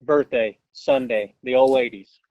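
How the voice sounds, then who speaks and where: A man's voice: medium pitch, measured pace, no echo, lo-fi sound. A man from Utah leaving a laid-back, chatty voice message for a podcast. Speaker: caller. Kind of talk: recorded voice message.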